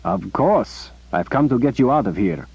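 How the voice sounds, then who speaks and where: A man's voice: medium pitch, expressive, a little mellow, breathy edge, voice pushed up. Man as a daring, cheerful soldier captain. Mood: brisk. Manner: brisk, commanding. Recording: muffled lo-fi recording.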